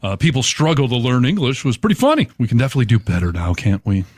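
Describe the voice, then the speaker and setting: A man's voice: medium pitch, sing-song, fast talker, darkish tone, no echo. Dry-voiced man co-hosting a podcast. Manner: dry, wry, reads out phrase origins. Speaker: podcast co-host. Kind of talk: casual chat.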